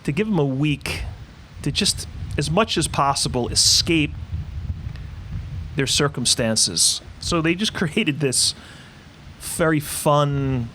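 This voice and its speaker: A priest preaches a homily in a voice pitched a bit high, unhurried and halting, full of pauses and restarts. A faint hiss of room noise sits under the church recording. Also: male voice, expressive, bright, forceful tone. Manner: slow and halting, many fillers and restarts; self-mocking after a failed joke. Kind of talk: homily opening with a joke.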